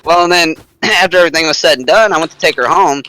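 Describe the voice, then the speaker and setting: Young guy with a bright voice telling a dirty story on game chat, crude and cocky, kinda high. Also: fast, low-quality recording. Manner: boastful, vulgar, laughing through his story.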